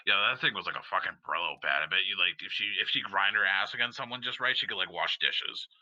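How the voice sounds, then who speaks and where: A young man hosting a casual podcast, telling crude stories with constant swearing and a loud, lively delivery. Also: deep voice, fast, no echo, muffled recording. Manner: loud storytelling, heavy swearing, frequent laughs. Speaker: podcast host.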